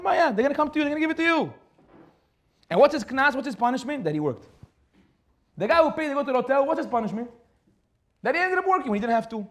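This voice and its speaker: A young man delivers a lively sermon, talking quickly with a high voice. He laughs often and acts out the people in his stories, slipping in Hebrew words. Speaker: rabbi giving a Torah class. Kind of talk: animated sermon with storytelling.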